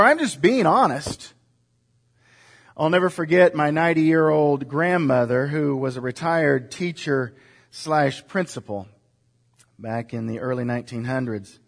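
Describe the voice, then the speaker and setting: A male pastor delivers a sermon in a slightly higher-pitched voice. He asks rhetorical questions and moves between soft, reflective moments and emphatic passages. Now and then he leads the congregation in saying a line together.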